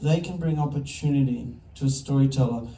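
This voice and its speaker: Animated Australian man telling stage stories. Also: mid-range voice, fairly quick, gravelly, slight background noise. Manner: animated, self-interrupting storyteller. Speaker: film director, festival jury president. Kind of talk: onstage conversation, anecdotal storytelling. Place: festival stage before an audience. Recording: echoey hall, distant mic.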